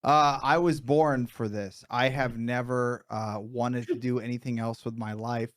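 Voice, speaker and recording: A man plays an improvised job candidate with a deadpan delivery. He bluffs like a pushy salesman. His voice sits at an ordinary middle pitch. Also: measured pace. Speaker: mock job interviewee. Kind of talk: improv comedy.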